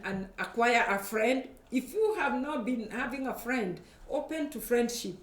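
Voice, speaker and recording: A woman pastor preaches and prays earnestly, often going back over her words as she builds up. Her voice rings in an echoey room and sits at a distance from the mic. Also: mid-range voice. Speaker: pastor and show host. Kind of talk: preaching and prayer.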